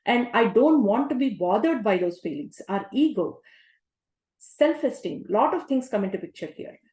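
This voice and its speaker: A woman's voice: a little high, sing-song, moderate pace, a little mellow. A woman coach giving a self-help talk in a conversational way, often asking rhetorical questions. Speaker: life coach. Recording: roomy echo.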